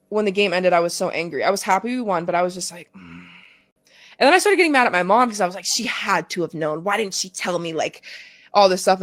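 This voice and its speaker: In a mid-range voice with no echo, a woman in her twenties who plays pro soccer shares a personal story as a podcast guest. She's candid and emotional, dropping frequent swear words and "like" fillers.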